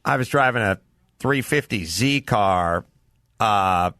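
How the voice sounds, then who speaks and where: A man hosts a talk show in a bright, forceful voice. He tells rambling stories loaded with swearing and plays out both sides of arguments. The sound is dry and close. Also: lowish voice, slow pace, no room sound. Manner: profane, animated storyteller acting out both sides of exchanges. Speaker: podcast host. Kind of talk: casual talk show banter.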